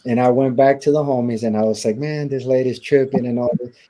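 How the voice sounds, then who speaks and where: A man's voice: mid-range voice, steady tone, brisk, dark tone. A man in an interview, casually telling his life story with lots of quoted back-and-forth and fillers. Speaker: interview guest.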